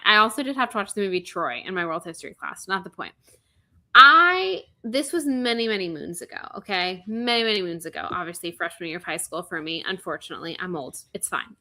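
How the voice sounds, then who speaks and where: A woman's voice: medium pitch, bright, forceful tone. A woman in her thirties co-hosting a podcast, delivering a comedic, exasperated rant full of sarcasm and swearing. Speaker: podcast co-host.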